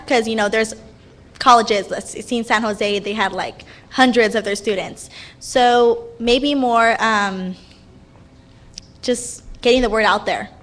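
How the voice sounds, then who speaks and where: A woman's voice: fairly high pitch, fairly bright tone. A young woman student reporter giving a casual, hesitant report full of fillers.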